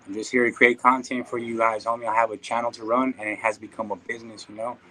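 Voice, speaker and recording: A man's voice: mid-range voice, little pitch movement, fast talker, sharp tone, rough recording. A man from the Inland Empire, talking casually to his viewers as a YouTube creator, laid-back and full of slang. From Inland Empire, California. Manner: slangy, laid-back, calls listeners "dog" and "homie". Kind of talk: casual vlog talk to viewers.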